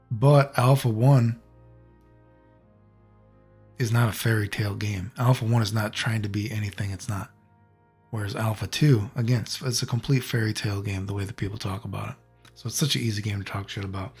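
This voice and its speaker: A man's voice: lowish voice, vocal fry, a little mellow, slightly rough. A man hosting his own video channel, ranting bluntly and profanely in a casual style, with lots of restarts. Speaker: channel host.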